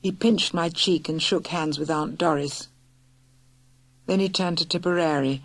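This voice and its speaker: A woman narrating a children's audiobook in a lively, clear storytelling manner. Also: sits low, measured pace, no room sound. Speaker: audiobook reader.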